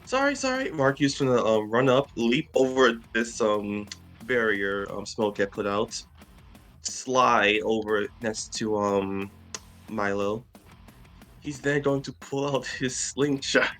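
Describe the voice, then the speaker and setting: Hesitant giggly player with lively pitch. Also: male voice, slow pace, soft background music. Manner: hesitant, many ums, giggly. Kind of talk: casual tabletop play.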